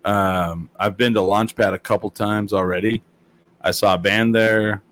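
A man's voice: fairly low pitch, fairly even intonation, measured pace, fairly bright tone. A man chatting casually, telling rambling stories full of fillers and acted-out quotes. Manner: rambling storyteller with many fillers and quoted voices. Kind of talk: casual chat.

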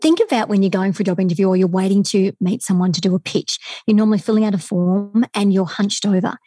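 Fast-talking woman, dark husky tone. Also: medium pitch, dry recording. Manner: fast, enthusiastic, animated storyteller. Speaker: guest body language expert. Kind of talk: storytelling podcast interview.

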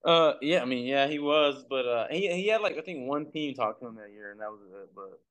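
A young man from Texas, a pro baseball pitcher, telling stories in a laid-back, rambling way as a podcast guest. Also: animated, brisk, fairly bright tone. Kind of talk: casual storytelling. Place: recording for a podcast.

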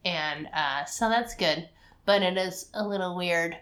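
A woman in her thirties chatting casually as a podcast co-host, animated, slipping into a squeaky toddler voice when quoting. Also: measured pace. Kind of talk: casual chat.

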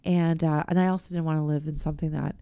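A middle-aged woman hosting a faith podcast, talking candidly and chattily and sometimes dropping to a hushed voice. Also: sits low, little pitch movement, quick pace, clear, resonant tone, dry recording, studio quality. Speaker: podcast host. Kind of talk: faith-based casual chat.

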